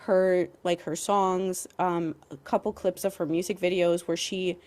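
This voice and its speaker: A woman's voice: on the low side, little pitch movement, a little slow, darkish tone. Heated young woman ranting on a podcast. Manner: heated and emphatic, heavy use of "like", swearing. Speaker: podcast co-host.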